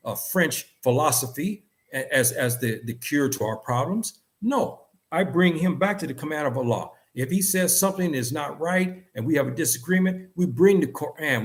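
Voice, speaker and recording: A man teaching a religious lesson in an earnest, repetitive way, building to animated emphasis at times. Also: medium pitch. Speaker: Islamic teacher. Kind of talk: religious lecture.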